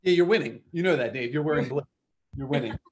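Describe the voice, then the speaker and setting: A man running the tech and reading audience suggestions on a video call, relaxed and teasing. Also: a little high, quick pace. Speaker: show tech and suggestion reader. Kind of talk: casual chat on video call.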